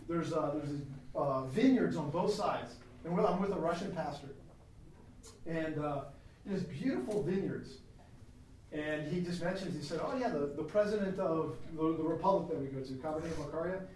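A man teaching a Christian class in a lecture style that is chatty and animated, with asides, recorded from a distance in a classroom. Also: high-pitched, a little hiss or hum. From United States. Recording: very echoey room, mic at a distance.

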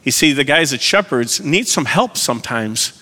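Male lay preacher, conversational and self-deprecating sermon delivery, bright voice. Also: mid-range voice, lively intonation, normal speed. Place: church. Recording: long hall reverb.

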